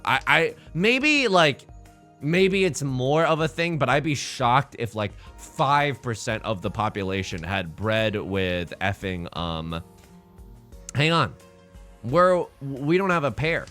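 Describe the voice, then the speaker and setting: With a medium-pitched voice, a young man banters loosely with his chat during a live tile-game stream, cracking jokes and veering from shouts to mutters.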